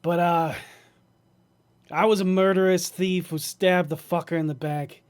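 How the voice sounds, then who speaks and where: A man's voice: high voice, steady tone, unhurried, clear, resonant tone. A man voicing a foul-mouthed male goblin who used to be a thief, with a grating, nasal voice and a crude, swaggering manner. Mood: brash.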